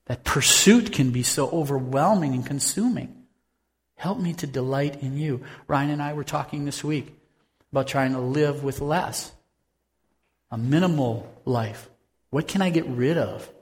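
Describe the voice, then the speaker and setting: A man preaching a conversational sermon as pastor, swinging from loud bursts to hushed tones. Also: mid-range voice, a little slow, long reverb tail.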